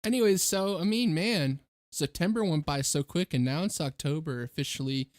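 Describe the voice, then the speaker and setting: A man's voice: on the high side, normal speed, dry recording, clean studio sound. A man hosting a casual podcast, rambling and loose, swearing and laughing along. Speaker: podcast host.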